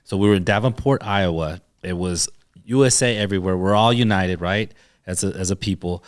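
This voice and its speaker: A man's voice: deep voice, brisk. A man, a chiropractor, telling personal stories in a casual podcast chat and acting out the dialogue. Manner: animated storyteller, acts out dialogue. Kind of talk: casual storytelling.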